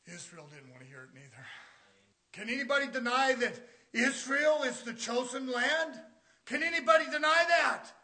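A man preaching an impassioned sermon, shouting loudly and then dropping to quiet asides. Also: extremely high pitch, lively intonation, moderate pace. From United States.

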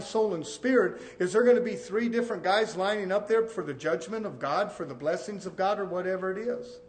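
High-voiced male preacher, animated sermon delivery. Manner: animated preaching that swings from loud to hushed.

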